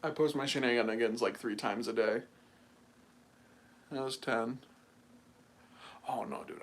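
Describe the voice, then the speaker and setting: A man's voice: medium pitch, unhurried, long pauses, a little hiss or hum. A young man from the United States hosting his own livestream, chatting casually and rambling with lots of fillers. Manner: animated, mocking, rambling with many fillers. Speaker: livestream host.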